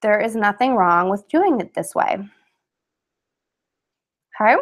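A woman's voice: mid-range voice, animated, unhurried. A woman hosting a casual live craft webinar from home on a webcam, chatty and upbeat, with fillers and laughs.

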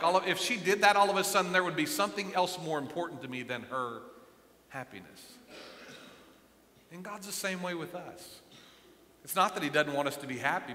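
A middle-aged male pastor preaching a sermon with passion, moving from quiet remarks to loud emphatic lines. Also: a little high. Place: church sanctuary. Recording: echoey church hall.

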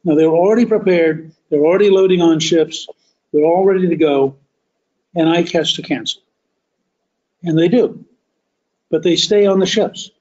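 A man hosting a podcast, telling a history story as a deliberate, emphatic monologue that stretches key words. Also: fairly high pitch, darkish tone, dull audio. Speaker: podcast host.

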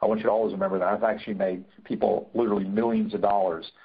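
Speaking rapid-fire in a fairly low, slightly rough voice with a level tone, a negotiation trainer delivers a webinar. He drives his points home through repetition and many fillers, and the recording sounds tinny, as if over a phone.

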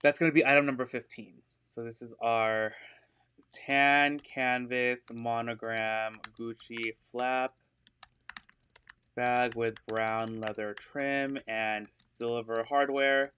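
A man's voice: mid-range voice, flat delivery, slow pace, pushed and bright, slight background noise. A man hosting a live online sale of secondhand designer purses, chatting casually with fillers, giggling often and gushing about the bags. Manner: upbeat and gushing. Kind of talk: casual live-stream sales chat.

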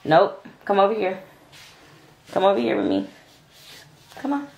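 A woman's voice: mid-range voice, a little slow, vocal fry, a little mellow. A woman making a casual home vlog, coaxing her baby in sing-song baby talk and chatting to viewers at home. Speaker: vlogger and mother. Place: home with wood and tile floors.

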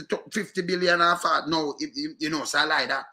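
Fast and with few pauses, a Jamaican-accented commentator rants casually at his viewers, repeating himself and peppering them with rhetorical questions in a fired-up way. His voice is a little high, with a steady, sharp tone.

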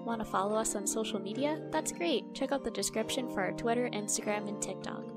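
Woman podcast GM, high-ish voice, cheerful host. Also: fairly quick, loud music behind the voice. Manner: giggly, upbeat. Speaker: game master. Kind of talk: hosting a tabletop game podcast.

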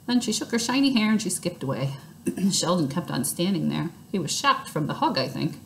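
A woman reading a children's book aloud in lively first-person storytelling. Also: on the low side, a little fast, gravelly, a little hiss or hum.

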